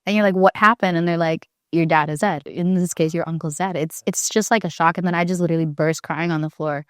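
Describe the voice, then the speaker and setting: A woman's voice: fairly low pitch, steady tone, fast talker, dry recording, clean studio sound. A woman who co-founded a startup, a guest on a podcast, speaking in an earnest, reflective way that restarts mid-sentence. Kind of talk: casual conversational interview.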